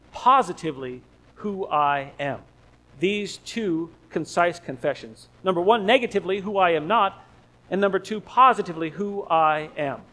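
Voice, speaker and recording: A man's voice: high voice, a bit bright, poor audio. A man preaching an expository sermon, emphatic and repeating key phrases for stress.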